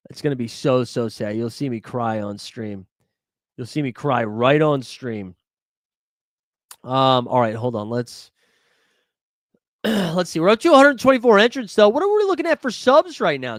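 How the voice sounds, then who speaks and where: A man's voice: sits high, no room sound, studio quality. Upbeat man hosting a live fantasy stream. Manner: excitable, talks to chat by name, thinks aloud. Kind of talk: casual live-stream chat.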